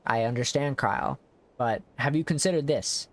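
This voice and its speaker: A man's voice: medium pitch, normal speed. A man streaming a game, chatting casually and joking with its characters. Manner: jokey, chats with game characters. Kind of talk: casual gameplay commentary.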